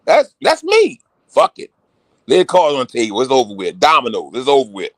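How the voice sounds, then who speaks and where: A man talking loudly and excitedly in casual chat with rough, profane language. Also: medium pitch, fairly quick, no echo. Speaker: show regular.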